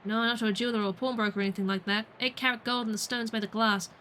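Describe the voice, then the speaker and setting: A woman reading out a chatty middle-aged man, a small-town collector, in her own bright voice with no accent. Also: a little high, steady tone, racing, a little hiss or hum. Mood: folksy. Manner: folksy, talkative, barely changes her own voice. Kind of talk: reading game dialogue aloud.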